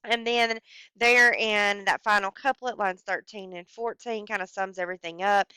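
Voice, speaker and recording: A woman explaining a poem in a screencast lecture, speaking slowly and haltingly with many fillers. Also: medium pitch, steady tone, bright, forceful tone, clean tone, dry recording. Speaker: teacher.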